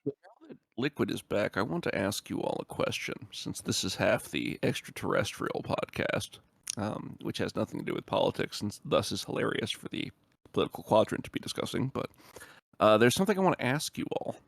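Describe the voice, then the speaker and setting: Gravelly-voiced man for a casual podcast co-host read, lively and dry. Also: fairly low pitch, fairly quick, no room sound. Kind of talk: casual group chat.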